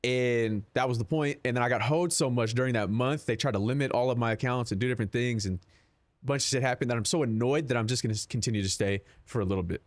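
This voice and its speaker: A man's voice: medium pitch, fast talker. A man streaming a game, chatting casually with his chat in a rambling, profane, laid-back way.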